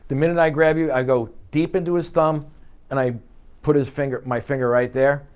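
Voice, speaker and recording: A man leading a live sales training session in an office, coaching with energy and acting out quick client exchanges. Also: mid-range voice, steady tone, darkish tone, smooth. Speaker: real estate sales trainer. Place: office meeting room.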